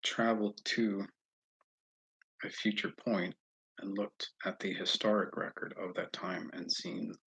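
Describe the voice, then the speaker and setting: Deep gravelly man, halting and rambling. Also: fairly even intonation, fairly bright tone, low-quality recording. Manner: halting, rambling, with repeated restarts. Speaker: self-styled presidential hopeful. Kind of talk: casual monologue to camera.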